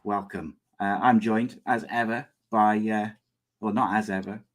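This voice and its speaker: A man's voice: fairly low pitch, steady tone, measured pace. A young man hosting a comedic podcast in a rambling, chatty, plain-spoken way. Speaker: podcast host. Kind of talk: casual comedic chat.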